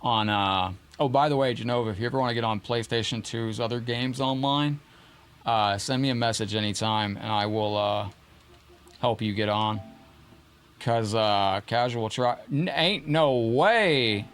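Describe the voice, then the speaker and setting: A man's voice: medium pitch, a little slow, fairly bright tone, clear, resonant tone. A man streaming a fighting game live, commenting on the match and chatting casually with viewers in the chat.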